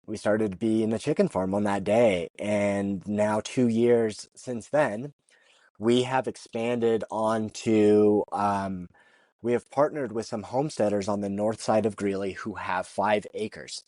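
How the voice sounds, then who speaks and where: A man's voice: fairly low pitch, measured pace, dry recording. A man who is a chicken farmer, telling stories as a podcast guest, acting out what people said and laughing often. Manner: lively storyteller who acts out dialogue and laughs often; repeats and restarts words while telling a story. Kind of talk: casual storytelling interview.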